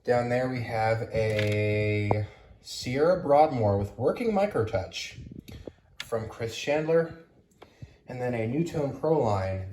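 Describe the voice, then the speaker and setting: A man's voice: lowish voice, mellow, a little hiss or hum. A man casually walking through his house and garage, listing ceiling fans from his collection as he films, rambling with fillers and a little out of breath. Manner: rambling, cataloguing items aloud with fillers. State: slightly out of breath. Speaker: ceiling fan collector giving a home tour. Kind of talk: casual walkthrough vlog. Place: house, garage and storage rooms.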